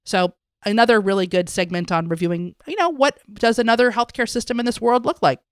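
A woman's voice: a little high, brisk, clean tone, no room sound, studio quality. A woman co-hosting a medical podcast, summarizing segments in a friendly, explanatory way. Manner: friendly, explanatory, casual fillers. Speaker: podcast co-host.

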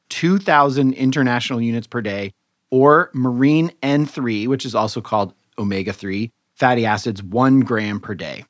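A man co-hosting a medical podcast, casually explaining research papers and pausing to rephrase as he goes. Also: mid-range voice, no room sound, clean studio sound. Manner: explanatory, relaxed, thinks aloud with restarts. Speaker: podcast co-host physician reviewing papers. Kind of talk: conversational medical journal review.

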